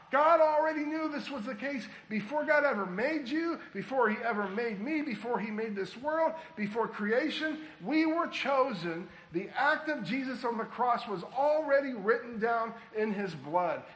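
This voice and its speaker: Pastor, male, high voice, preaching with emphatic call-and-response, echoey church. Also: a bit bright. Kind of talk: sermon.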